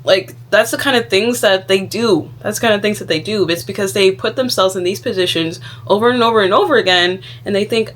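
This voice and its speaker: A woman's voice: mid-range voice, brisk, few pauses. Young woman vlogger, casual and outspoken, filler-heavy talk. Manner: frank, animated, heavy use of "like". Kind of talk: casual advice monologue.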